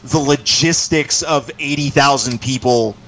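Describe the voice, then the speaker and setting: A man's voice: medium pitch, measured pace, fairly bright tone, a little hiss or hum, low-quality recording. A man co-hosting a sports talk show over the line, chatting in an easygoing way with hesitant fillers. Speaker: co-host on the phone line. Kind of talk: casual sports radio chat.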